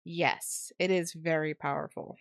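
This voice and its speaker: A woman's voice: low voice, fairly even intonation, unhurried, no room sound, studio quality. A woman co-hosting a podcast in casual chat, playful and self-mocking, laughing often. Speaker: podcast co-host.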